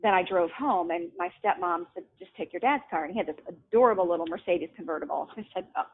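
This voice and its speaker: A woman's voice: lowish voice, quick pace. A middle-aged woman, a guest author, telling personal stories in a casual, chatty way, laughing often and restarting sentences. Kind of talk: casual storytelling. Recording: tinny phone line.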